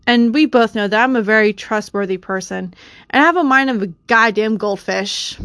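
A woman's voice: fairly high pitch, animated, moderate pace, a bit bright, no echo. A young woman with a cold and a stuffy nose, ranting emotionally in a personal vlog, swearing and rambling with many fillers and restarts, recorded on a phone or built-in mic. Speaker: vlogger.

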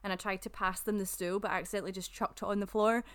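A young Scottish woman co-hosting a podcast, telling travel stories in a giggly, animated way. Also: medium pitch, racing, clear, resonant tone. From Scotland. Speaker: podcast co-host. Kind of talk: casual storytelling chat.

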